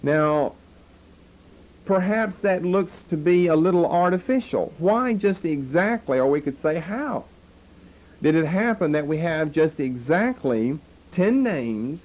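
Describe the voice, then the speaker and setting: A man's voice: a little high, darkish tone, rough recording. A man teaching a Bible lesson, explaining step by step and posing rhetorical questions. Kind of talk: lecture on scripture.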